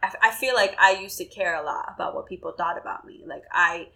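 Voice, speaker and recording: A woman's voice: lowish voice, a little fast, vocal fry, sharp tone, rough recording. Candid young woman, swearing freely. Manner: candid, swears freely, acts out quoted dialogue. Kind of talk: casual chat.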